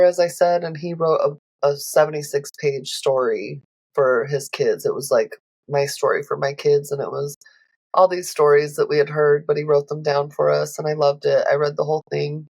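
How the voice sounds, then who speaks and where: A woman's voice: low voice, darkish tone, dry recording, low-quality recording. Woman, podcast host, raw and emotional monologue, swears a lot, dry close sound. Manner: emotional, blunt, swears freely; rambling with many fillers. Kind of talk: candid solo podcast monologue.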